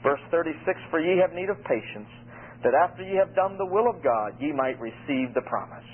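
A man preaching an expository sermon, reading scripture and explaining it with emphatic, animated delivery. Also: on the high side, brisk, slightly rough. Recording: phone-like radio broadcast.

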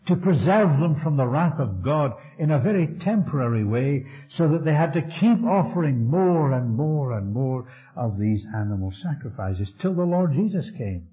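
A man preaching a fervent, emphatic sermon in a church. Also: a little high. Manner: fervent, emphatic preaching with rising and falling delivery. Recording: dull lo-fi recording.

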